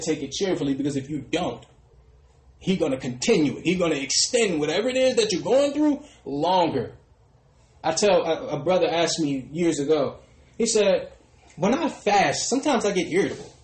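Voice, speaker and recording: A man preaching a sermon who often trails off into a soft "brothers and sisters". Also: a little high, echoey room, poor audio. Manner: ends phrases with a dropping, quiet "brothers and sisters". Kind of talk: street sermon.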